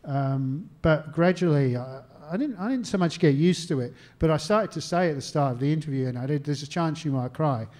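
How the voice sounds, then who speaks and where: Australian male historian, mellow tone, chatty anecdotal interviewee who acts out his phone calls. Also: a little high, animated, fairly quick, few pauses. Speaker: historian and author. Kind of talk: conversational interview answers. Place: stage talk at a literary venue.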